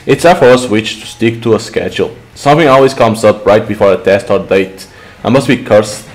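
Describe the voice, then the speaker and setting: A man's voice: on the low side, fairly quick, natural voice, low-quality recording. A man reading the lines of a chatty, frazzled young woman who complains about her luck. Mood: complaining.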